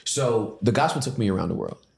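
A man from Inglewood, a pastor talking as a podcast guest, animated and slangy, slipping into other people's voices. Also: on the low side, a little fast, vocal fry. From Inglewood, Los Angeles. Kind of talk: casual podcast conversation. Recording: roomy echo.

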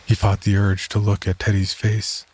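A man giving scripted narration of a horror story in a measured, even way. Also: fairly low pitch, very noisy. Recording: narration over loud music.

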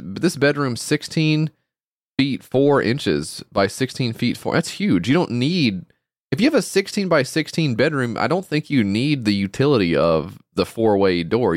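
A man's voice: medium pitch, no echo, clean studio sound. A man co-hosting a podcast, chatting casually and ranting in exasperation. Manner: exasperated ranting, swears a lot. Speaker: podcast co-host. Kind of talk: casual chat.

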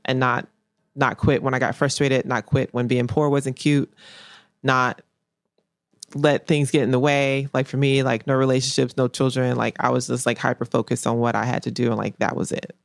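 A woman's voice: extremely low pitch, flat delivery, moderate pace, gravelly, no echo, studio quality. A woman painter in a casual interview, speaking bluntly and repeating her main points for emphasis. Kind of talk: candid casual interview talk.

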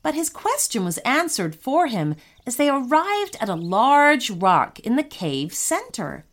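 Slow, expressive woman storyteller. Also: high-pitched. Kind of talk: children's story narration.

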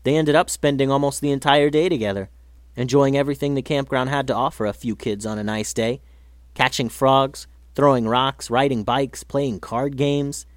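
A man's voice: medium pitch, steady tone, moderate pace, no room sound, studio quality. Man reading a children's story.

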